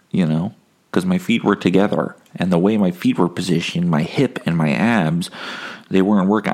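A man's voice: low voice, creaky, a little mellow. A man telling a rambling, profane, self-mocking story in a casual monologue as a comedian hosting his own podcast.

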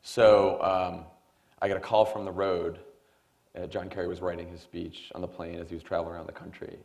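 A man in his thirties, a guest at a forum, telling a long anecdote in a lively way and acting out the other people. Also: sits low, a little fast, creaky. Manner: animated anecdotal storytelling with quoted voices. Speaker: guest, former speechwriter. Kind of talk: storytelling in a forum conversation. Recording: dull lo-fi sound.

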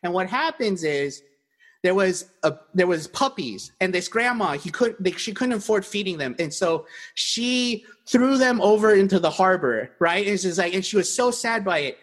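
Husky high-voiced man, animated storyteller. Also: moderate pace. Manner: animated storyteller with many restarts. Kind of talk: casual chat.

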